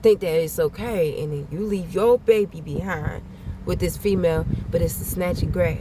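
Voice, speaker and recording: A woman's voice: lowish voice, normal speed, mellow, a little hiss or hum. A woman vlogger giving a channeled message in casual spoken warnings, blunt and repetitive, swearing freely.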